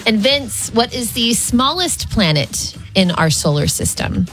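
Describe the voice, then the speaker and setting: A woman co-hosts morning radio in a fairly high, lively voice that jumps around. She teases and giggles easily, with faint music in the background. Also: a little slow. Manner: giggly, teasing. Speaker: radio co-host.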